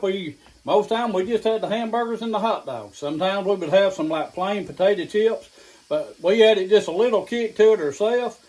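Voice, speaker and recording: High-voiced East Tennessee man, folksy cooking host. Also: rough recording. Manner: folksy and down-home, talking while eating. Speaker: home cooking channel host. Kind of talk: casual cooking vlog. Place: home kitchen. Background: food sizzling in a skillet.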